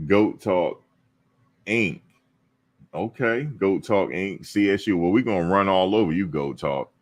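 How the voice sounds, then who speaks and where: Male stream host with a deep voice, chatty and playful with his audience. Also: a little slow. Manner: animated, teasing, talks to viewers and chat. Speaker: show host. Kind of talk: casual live-stream chat.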